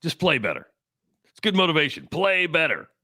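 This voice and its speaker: A man co-hosts a sports talk radio show with a somewhat high voice. His delivery is lively and full of pitch swings, and he often jokes at his own expense. The studio sound is dry and close. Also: brisk, dry recording. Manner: joking and self-deprecating.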